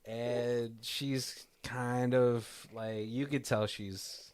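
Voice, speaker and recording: A man's voice: mid-range voice, fairly even intonation, drawn-out words, a little mellow, clear, resonant tone. A man co-hosting a casual podcast, retelling a film in a loose, rambling way with lots of "like"s. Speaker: podcast co-host. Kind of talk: casual movie commentary chat.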